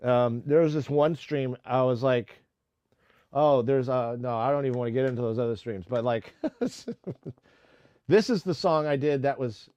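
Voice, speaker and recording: A man's voice: medium pitch, moderate pace, darkish tone, no echo, highs cut off. A man hosting a casual music-making live stream, rambling with lots of fillers and restarts. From United States.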